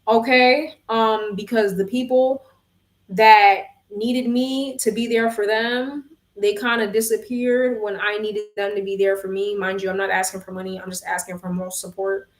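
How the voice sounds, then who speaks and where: A woman's voice: mid-range voice, little pitch movement, moderate pace, echoey room. A young woman vlogger venting frankly to her phone camera, swearing and addressing her viewers as y'all. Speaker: vlogger and tarot reader.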